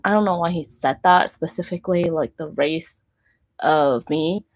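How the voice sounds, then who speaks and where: A woman's voice: sits low, moderate pace. A woman in her thirties, a Christian minister, telling a personal story in a casual, rambling way, full of "like" and restarts. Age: 30s. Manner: rambling, filler-heavy with frequent "like" and restarts.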